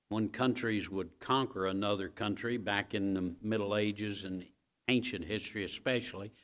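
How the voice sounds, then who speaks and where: A man preaching a sermon, addressing the congregation directly, repeating key phrases and building to loud, emphatic peaks. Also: fairly low pitch. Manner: talks straight to the congregation with asides like "all right?".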